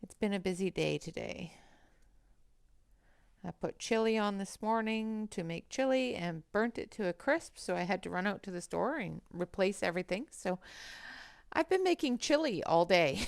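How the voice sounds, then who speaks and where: A woman's voice: medium pitch, animated, moderate pace, vocal fry, smooth, dry recording, clean studio sound. A woman hosting a colouring livestream on a headset mic, chatting casually and greeting viewers by name as she works.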